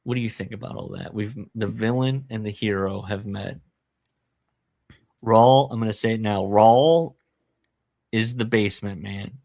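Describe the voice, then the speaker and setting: A man with a fairly low, gravelly voice hosts a casual book-discussion podcast. He retells the plot in an animated way and drops jokey, self-deprecating asides. The sound is close and dry. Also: moderate pace, no room sound. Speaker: podcast host.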